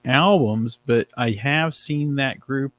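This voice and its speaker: A laid-back male podcast co-host talks in a halting, easygoing way and chuckles often. His voice sits at an ordinary middle pitch. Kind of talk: casual chat.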